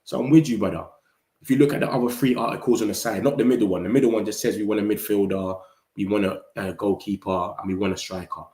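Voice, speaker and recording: A man hosting a football channel, chatting casually with viewers in slangy, animated talk. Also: on the low side, fast talker, reverberant. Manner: slangy, animated, talks straight to chat. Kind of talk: casual live-stream chat reading viewer comments.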